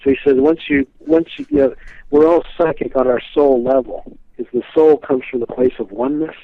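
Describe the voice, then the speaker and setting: A man with a gravelly, mid-range voice is interviewed as the guest expert on a historical psychic. He rambles through his stories, peppering them with "you know" and restarting often, and the tinny phone line is dry with no room sound.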